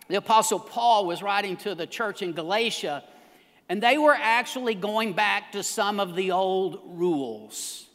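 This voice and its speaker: Pastor preaching, bright high voice, echoey church hall, gets loud and punchy. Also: male voice, measured pace. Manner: emphatic, building to shouts. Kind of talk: sermon.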